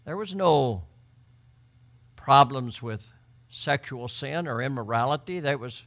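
A man preaching a sermon as pastor, building to emphatic, forceful peaks. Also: medium pitch, animated, takes it slowly, vocal fry.

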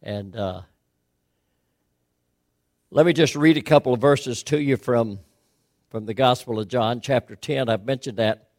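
A man's voice: medium pitch, measured pace, pauses often, darkish tone, no room sound. A middle-aged man delivers a sermon in a mid-range voice. He presses his listeners with earnest questions and swells into emphatic declarations. The sound is dry and close. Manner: earnest questioning preaching, rising to emphatic peaks. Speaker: pastor.

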